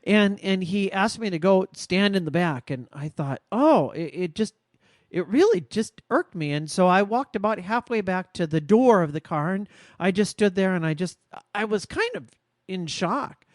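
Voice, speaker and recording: Woman podcast co-host, earnest and reflective, very expressive intonation, dry close sound. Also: medium pitch, dry recording. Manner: reflective storytelling, measured and earnest. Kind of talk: casual podcast conversation.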